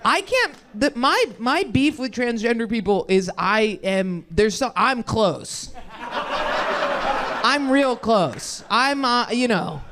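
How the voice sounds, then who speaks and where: A woman's voice: fairly high pitch, sing-song, slow pace, a bit bright. Rambling young woman doing stand-up. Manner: rambling, self-deprecating, chatty with crowd. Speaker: stand-up comedian. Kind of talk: stand-up comedy set.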